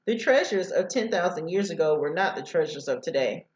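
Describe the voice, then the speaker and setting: A woman's voice: lowish voice, animated, brisk, reverberant, poor audio. A woman teacher reading a novel aloud to students over a headset, sometimes stumbling over words.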